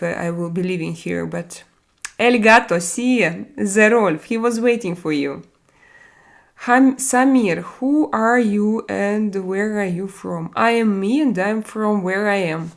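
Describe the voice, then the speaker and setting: A woman in her forties hosting a casual live stream, reading out viewers' chat messages and answering them in a chatty, hesitant way with many fillers. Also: mid-range voice. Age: 40s.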